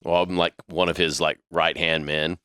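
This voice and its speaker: A man's voice: low-pitched, flat delivery, normal speed, fairly bright tone, clear, resonant tone, no echo, clean studio sound. A man on a podcast telling crude, jokey stories full of swearing in casual banter.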